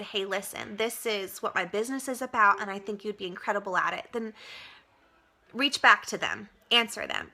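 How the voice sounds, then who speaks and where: Young woman, direct-sales vlog, tearful, earnest, fillers, bright tone. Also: fairly high pitch. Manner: earnest, gushing, many fillers. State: tearful, emotional. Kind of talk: personal testimonial vlog. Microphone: webcam.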